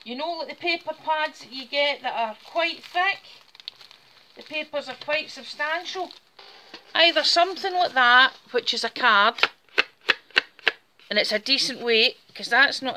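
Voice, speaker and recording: A woman's voice: high voice, unhurried, long pauses, background noise. A woman with a Scottish Borders accent, chatting casually through a step-by-step craft demonstration while she works with her hands. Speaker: craft tutorial host.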